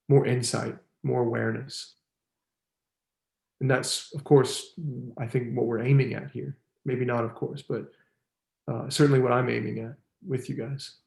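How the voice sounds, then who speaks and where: A man facilitating a circling group, talking in a relaxed, rambling way with many fillers and laughs. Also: mid-range voice, gravelly, echoey room. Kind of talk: casual teaching talk.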